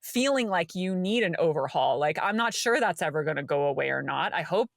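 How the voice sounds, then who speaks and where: Animated woman telling a story. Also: low-pitched, fairly quick, creaky, no room sound, clean studio sound. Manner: animated storytelling, acting out quoted voices. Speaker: podcast co-host. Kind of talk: casual podcast chat.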